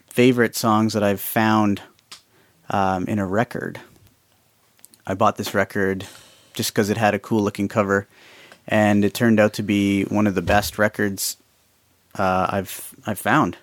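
A man's voice: on the low side, no room sound, studio quality. A man hosting a radio show, chatting casually as he introduces songs, with fillers and restarts.

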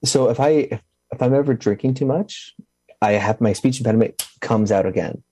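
A young man, a musician answering interview questions in a halting way, with restarts and a slight lisp. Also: medium pitch, mellow. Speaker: musician guest.

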